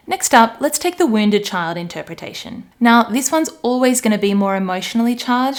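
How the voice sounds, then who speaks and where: Chatty woman life coach. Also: mid-range voice. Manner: warm-hearted, chatty, acts out voices playfully. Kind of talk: solo coaching talk to camera.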